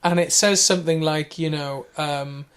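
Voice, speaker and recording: A young man who co-hosts a podcast, telling a long anecdote in a rambling, animated way with lots of fillers. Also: on the high side, moderate pace, smooth. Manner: rambling, animated, laughing storyteller. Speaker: podcast co-host. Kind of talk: casual storytelling chat.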